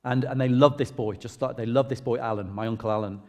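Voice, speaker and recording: A middle-aged English vicar sharing a personal testimony in church, in a conversational, self-deprecating storytelling way. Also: male voice, mid-range voice, fairly even intonation, fast talker. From England. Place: church hall. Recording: long reverb of a large hall.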